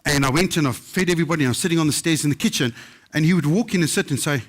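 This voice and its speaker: A man with a South African English accent, his voice sitting a little high, tells stories to a live audience. He acts out the voices of people he quotes as he goes. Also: racing. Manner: animated anecdotes, acting out quoted voices. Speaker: chef telling stories. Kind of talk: live storytelling talk. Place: book festival stage.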